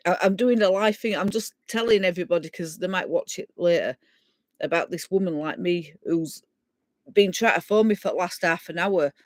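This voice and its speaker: A woman's voice: lowish voice, no echo. A middle-aged woman with a Yorkshire accent, rambling and laughing in a casual chat with viewers as she hosts a live stream. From England. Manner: rambling and chatty, laughing as she reads out comments.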